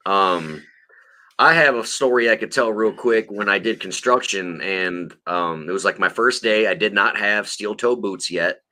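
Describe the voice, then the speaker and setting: A man's voice: on the low side, measured pace, sharp tone. A man co-hosting a podcast, telling rambling, profane stories in casual chat. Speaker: podcast co-host.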